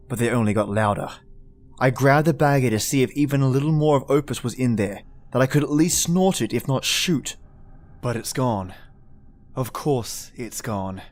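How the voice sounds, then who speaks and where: A man's voice: medium pitch, a little mellow. A man narrating a first-person horror story in a somber, emotional manner.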